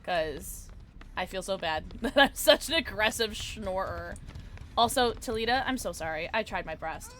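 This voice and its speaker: A woman's voice: mid-range voice, lively intonation, normal speed, a bit bright, a little hiss or hum. A woman streaming live from home, chatting with viewers and reacting to her game in playful slang. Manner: bubbly, playful slang, talking to chat. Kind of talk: live gameplay commentary with chat.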